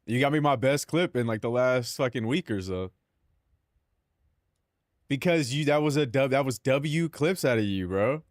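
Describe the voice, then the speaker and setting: A man's voice: medium pitch, expressive, moderate pace, long pauses, no room sound, studio quality. Rambling, profane young man streaming. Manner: rambling, profane, talks to himself and chat. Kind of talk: casual live-stream chat.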